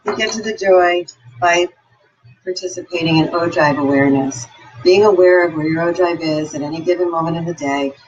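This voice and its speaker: A woman's voice: on the low side, fairly quick, darkish tone. Woman, motivational speaker, upbeat storyteller; slightly muffled recording with a faint hiss. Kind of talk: motivational talk with personal stories.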